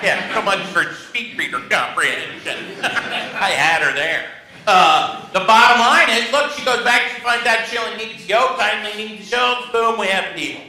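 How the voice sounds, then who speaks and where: A man's voice: high-pitched, expressive, a little slow, pushed and bright, reverberant, poor audio. A man teaching a negotiation workshop to a class in a training room, telling self-mocking stories with humor.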